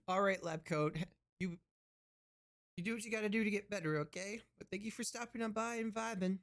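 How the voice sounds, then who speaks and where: A man's voice: sits high, a little slow, creaky, pauses often, a bit bright. A man streaming and chatting casually with his viewers, easygoing and rambling.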